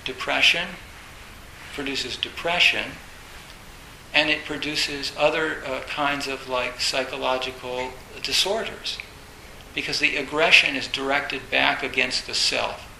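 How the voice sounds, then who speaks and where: A man gives a dharma talk in an echoey room with a faint hiss behind him. His voice is bright and a little gravelly, set somewhat high. He rambles and repeats himself, filling gaps with "uh" and "you know". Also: steady tone, a little slow. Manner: rambling, repeats phrases, many fillers; acts out inner voices, bursts loud. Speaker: Zen teacher.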